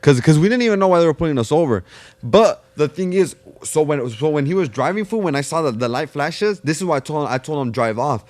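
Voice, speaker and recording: A man's voice: on the high side, lively intonation, fast, darkish tone, no room sound. A young man, a podcast guest telling a street story in casual, slangy, profane talk full of "fool" and restarts.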